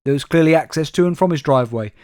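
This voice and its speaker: Guy reading odd news on a comedy podcast, wry, a bit high-voiced, dead dry sound. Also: very fast, a little mellow, no echo. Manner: dry, wry delivery, addresses co-host by name. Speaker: podcast co-host. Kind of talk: reading news stories aloud with comic asides.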